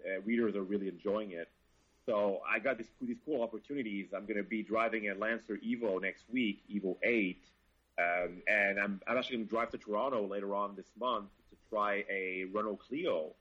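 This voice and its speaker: Husky-voiced, low-pitched man talking cars. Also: fairly even intonation, brisk, highs cut off. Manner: enthusiastic, swears freely. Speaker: car journalist guest. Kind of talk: casual podcast chat.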